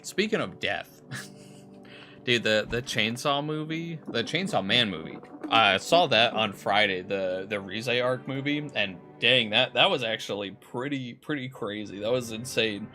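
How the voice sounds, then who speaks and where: A man's voice: mid-range voice, unhurried, bright, forceful tone, soft background music. A young man casually rambling and swearing while playing a horror game. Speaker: streamer. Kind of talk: casual gameplay commentary.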